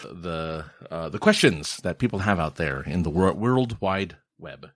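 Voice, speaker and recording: Deep-voiced, lively podcast co-host man. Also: unhurried, no echo. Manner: rambling, jokey, many restarts and laughs. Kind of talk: casual chat.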